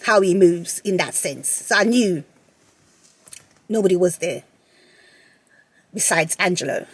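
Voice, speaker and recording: A woman telling a personal story to her viewers in a casual, animated way, often repeating phrases and laughing. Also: lowish voice, a little slow, slightly rough, dry recording. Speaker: vlogger.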